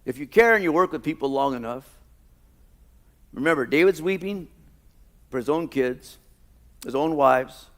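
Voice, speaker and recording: A male pastor delivering a sermon in a church, his voice a touch higher than most men's. He swings from loud, fervent preaching down to hushed, personal storytelling. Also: expressive, moderate pace, long pauses. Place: church sanctuary.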